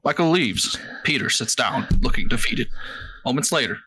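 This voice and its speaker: A man's voice: medium pitch, animated, normal speed, sharp tone, low-quality recording. A man reading stage directions aloud in a friends' script read-through, giggling as he goes. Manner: giggly, breaks into laughter.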